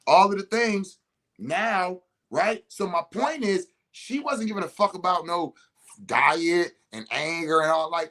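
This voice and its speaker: A man's voice: a little high, unhurried. A man talking casually as a healer and host, cursing freely and acting out what others said, recorded indoors in a house. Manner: animated, profane, acts out quotes. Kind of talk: casual storytelling talk.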